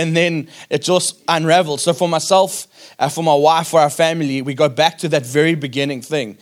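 A man's voice: fairly high pitch, fairly quick. A man on a church conference panel, speaking earnestly and repeating words while he gathers his thoughts.

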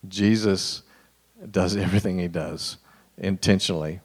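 Low-voiced man preaching casually. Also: steady tone, a little slow. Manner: informal, addresses listeners directly, drops to a hushed voice for emphasis. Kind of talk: conversational sermon.

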